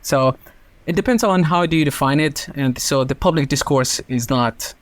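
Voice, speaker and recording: A man's voice: fairly high pitch, normal speed, dry recording. A man with a mid-range voice explains a point as a podcast panelist, tripping over a few restarts. His sound is dry and close. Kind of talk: podcast discussion.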